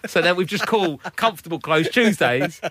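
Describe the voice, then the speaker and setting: A man in his thirties from England, a comedian chatting as a guest in an interview, animated and acting out voices as he tells stories. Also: a little high, brisk. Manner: animated, acts out voices in anecdotes. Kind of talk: casual interview chat.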